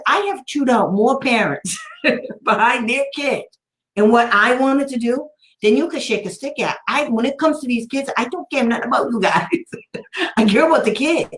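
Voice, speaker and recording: A woman's voice: a little high, echoey room. A woman special education advocate telling a story in casual talk, blunt and sarcastic, often laughing.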